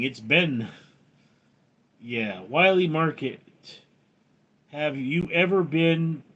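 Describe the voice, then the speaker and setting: Slow, bright-voiced livestream host. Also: male voice, medium pitch, dull audio. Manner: reads viewer names and questions aloud, then answers in a joking way. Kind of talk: casual livestream chat reading.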